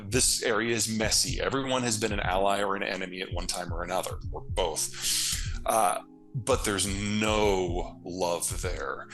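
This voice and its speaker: Low-voiced man explaining bluntly. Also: fairly bright tone. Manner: blunt, fluent explaining with casual asides. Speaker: geopolitical analyst guest. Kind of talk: interview answers.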